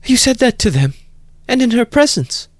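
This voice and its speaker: A man's voice: high voice, very animated, slow, no echo, clean studio sound, voice pushed up, full character voice. A man voicing a frightened, anguished young woman who cries out in desperate pleading, in an audiobook reading. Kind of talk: audiobook character voice.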